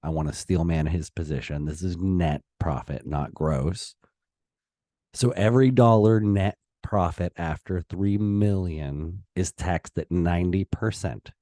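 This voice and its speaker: A man giving a heated solo opinion monologue as a political commentator, pausing and restarting as he gets worked up. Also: low-pitched, mellow, dry recording, studio quality. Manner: impassioned, heated, with pauses and restarts.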